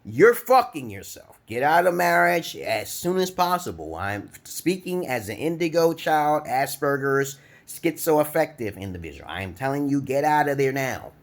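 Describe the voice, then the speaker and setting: A man from Brooklyn, New York, ranting to camera with profane, blunt advice. He restarts sentences, keeps asking "okay?", and swings between forceful outbursts and low mutters. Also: sing-song, normal speed, hardly any pauses. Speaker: vlogger giving life advice. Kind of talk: profane rambling rant to camera.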